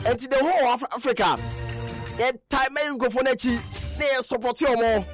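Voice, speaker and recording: A man hosting a radio sports show, rambling excitedly through World Cup fixtures in a sing-song, mixed-language chat. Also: very high voice, normal speed, soft background music. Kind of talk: casual sports talk mixing languages.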